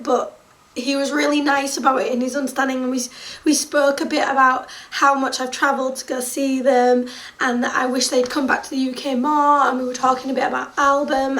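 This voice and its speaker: High-voiced gushing young woman vlogger. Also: fairly bright tone. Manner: gushing, breathless, quick laughs and squeals. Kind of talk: excited storytelling to camera.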